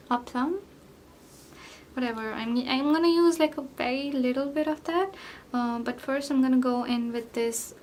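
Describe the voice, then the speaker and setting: A young female beauty vlogger rambles chattily through her get-ready-with-me makeup routine, full of fillers and self-deprecating asides. Her voice sits high and a little mellow, with slight background noise.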